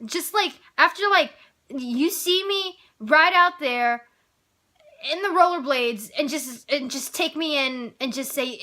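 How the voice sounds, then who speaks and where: A woman's voice: sits high, slow, pushed and bright. A teenage girl telling a story in a casual, exasperated and profane rant about getting in trouble at school.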